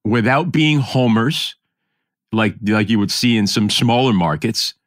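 Podcast host, middle-aged man, New York accent, low voice, dry close sound, rambling and reflective. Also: measured pace, no room sound. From New York area. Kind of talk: casual conversation.

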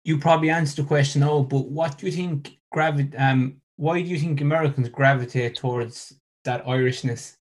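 A man's voice: on the high side, steady tone, normal speed, few pauses. A man hosting a podcast who asks casual questions hesitantly and responds with short acknowledgements. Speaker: podcast host.

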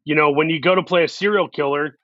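A man's voice: on the high side, fairly even intonation, fast talker, a bit bright, dry recording, highs cut off. A man talking in a casual interview, earnest and reflective, working through his ideas in long, run-on thoughts. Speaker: actor, guest.

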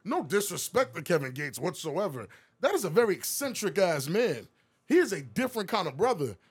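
A man with a husky, high-pitched voice that leaps all over as he banters on a comedic podcast. He swings from loud outbursts down to low mutters, and his voice is very animated throughout. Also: fairly quick. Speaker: podcast co-host. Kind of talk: casual comedic chat.

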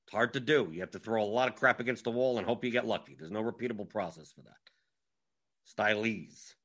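A man doing fantasy sports analysis gives a casual strategy breakdown, rapid and scattered, thinking aloud as he scrolls and rattles off lineups. His voice is fairly low and a bit bright.

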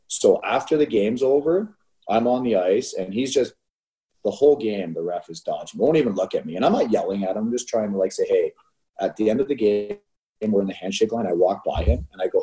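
A middle-aged man with a low, mellow voice tells stories in a relaxed chat. His delivery is animated, and he keeps checking in with "right?" as he goes. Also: fairly quick. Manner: animated storyteller, laughs through anecdotes, frequent "right?". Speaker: youth hockey coach, podcast co-host. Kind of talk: casual storytelling chat.

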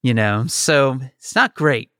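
A man co-hosting a casual political chat, profane and mocking, slipping into quick impressions. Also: medium pitch, very animated, sharp tone, no echo, clean studio sound. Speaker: podcast co-host.

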